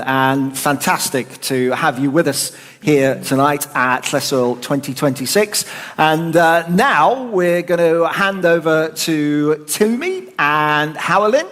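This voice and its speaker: A man's voice: on the high side, a bit bright. Man hosting a live festival, chatty. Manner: chatty and teasing, with fillers. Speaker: festival host. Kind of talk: live event presenting. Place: festival hall. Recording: reverberant hall, faint noise.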